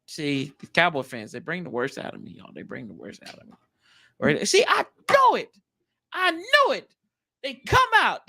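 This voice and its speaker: A man with a high, bright voice hosts a casual live chat. His pitch swings widely as he reacts, and he talks in loose, slangy bursts. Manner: animated, slangy, jumps pitch often. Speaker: livestream host.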